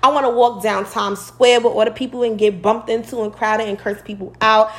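A young woman with a New York accent, co-hosting a casual podcast chat in a loud, playful, slangy way. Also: a little high, little pitch movement, a little fast. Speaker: podcast co-host.

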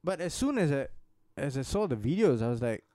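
A man co-hosting a podcast in casual chat, loose and profane as he explains things at length. His voice is mellow and dark. The sound is dry and close. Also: on the high side, big pitch swings, fairly quick, no echo. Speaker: podcast co-host.

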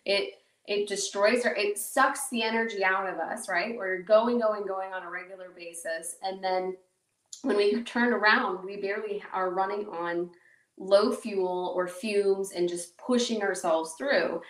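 A woman's voice: mid-range voice, fairly even intonation, unhurried, far from the mic. A woman hosting her own podcast in a casual, rambling, self-mocking way, with lots of fillers. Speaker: podcast host. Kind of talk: casual solo podcast talk. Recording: echoey room, voice a bit off-mic.

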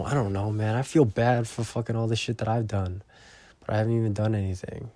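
A man's voice: lowish voice, steady tone, brisk, warm tone, no echo. A young man vlogging in a rambling, profane casual monologue that often trails off into mumbles.

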